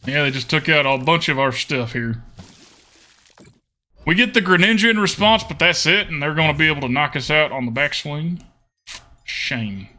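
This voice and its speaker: A man's voice: on the high side, animated, normal speed, pauses often, sharp tone. A young man streaming a card game, chatting casually and thinking aloud with murmured hmms and repeated okays. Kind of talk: casual live gameplay commentary.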